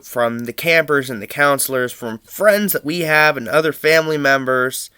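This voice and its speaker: A young man from Pennsylvania telling family anecdotes in an animated, chuckling way for a student project. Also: mid-range voice, smooth, no echo, clean studio sound. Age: young adult. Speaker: student storyteller.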